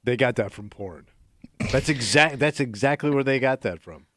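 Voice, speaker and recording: A middle-aged man co-hosts a casual radio talk show, his voice at an everyday pitch. He is blunt and wisecracking, mostly dropping quick interjections. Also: lively intonation, fairly bright tone.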